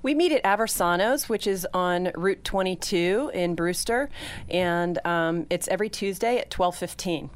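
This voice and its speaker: A woman's voice: on the low side, moderate pace, clean tone. A woman appearing as a guest on a community radio talk show. She gives brief, enthusiastic answers. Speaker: radio show guest, local club president-elect.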